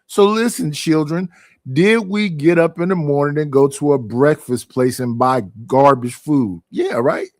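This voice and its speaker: A middle-aged man rants to his stream from home. His talk is profane and animated, and he keeps asking rhetorical questions. His voice sits a little high and sounds dry and close. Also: dry recording. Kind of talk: casual ranting monologue.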